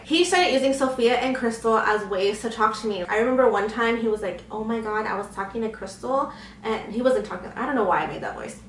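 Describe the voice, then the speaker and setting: Young woman vlogger, casual storytime, slightly high voice, roomy echo, candid and chatty. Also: a little hiss or hum. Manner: candid, chatty, animated quoting of others. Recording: echoey room, faint ambience.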